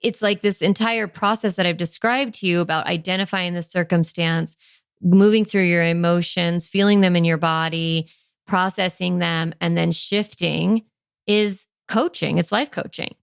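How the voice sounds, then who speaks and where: A woman's voice: on the low side, fairly even intonation, moderate pace, gravelly, smooth, no room sound, studio quality. A middle-aged woman hosting a parenting podcast, talking in an earnest, conversational way with frequent "like" fillers. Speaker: parenting coach and podcast host. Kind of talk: casual podcast monologue.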